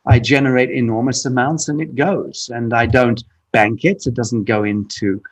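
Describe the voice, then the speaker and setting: A man's voice: mid-range voice, fairly even intonation, moderate pace. Blunt, emphatic man speaking candidly. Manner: blunt, emphatic, profane at times; frequent restarts and repetition. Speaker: podcast guest. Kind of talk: candid conversational interview.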